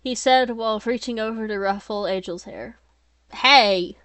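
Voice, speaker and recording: A woman reading her own story aloud in a plain, steady voice, now and then breaking into chatty, self-mocking asides. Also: a little high, brisk, dry recording.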